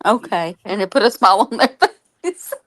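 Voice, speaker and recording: A woman's voice: on the high side, lively intonation, fairly quick, a bit bright, dry recording. Woman with an Alabama accent, co-host, bubbly and laughing, swooping intonation, dry close sound. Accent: Southern American, Alabama. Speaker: stream co-host. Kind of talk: casual chat.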